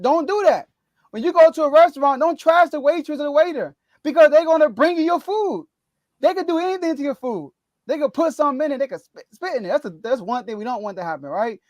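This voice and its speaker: A man's voice: very high-pitched, a little mellow, no echo. A man hosting a casual sports talk podcast, laughing often and ranting with animation. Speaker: podcast host.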